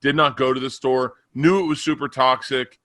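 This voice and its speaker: Bright blunt comedian host, dry sound. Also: male voice, medium pitch, steady tone, moderate pace, dry recording. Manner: blunt, profane, stumbling restarts. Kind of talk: casual chat.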